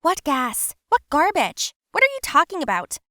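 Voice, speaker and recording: Woman voicing a bratty sister, very high, wildly swooping, slow, snappy, bright dry sound. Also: wildly swooping pitch, dry recording, heavily acted. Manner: snappy, shrill, quarrelsome. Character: bratty young woman, a feuding half-sister.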